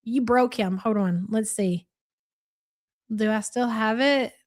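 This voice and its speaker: A woman's voice: fairly high pitch, takes it slowly, darkish tone. A woman hosting a live reaction stream, reading chat and ranting in a blunt, profane, mocking way. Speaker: livestream reaction host.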